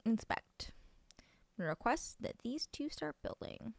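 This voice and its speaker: Gravelly-voiced woman gushing over a game. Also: on the high side, moderate pace, dry recording. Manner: chatty and gushing, often dropping to a soft near-whisper. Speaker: streamer playing a video game. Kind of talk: casual let's-play chat.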